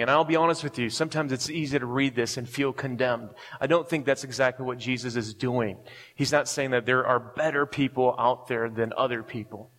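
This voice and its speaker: Chatty pastor in a reverberant hall. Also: male voice, mid-range voice, a bit bright. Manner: conversational, chuckles often, keeps asking "right?". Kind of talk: sermon.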